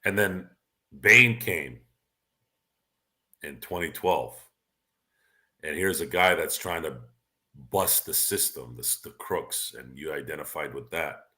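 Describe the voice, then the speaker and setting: A man's voice: extremely low pitch, animated, takes it slowly, long pauses, pushed and bright. A man hosting a casual chat, talking in an opinionated, rambling way with frequent restarts. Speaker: podcast host. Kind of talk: casual sports and movie chat.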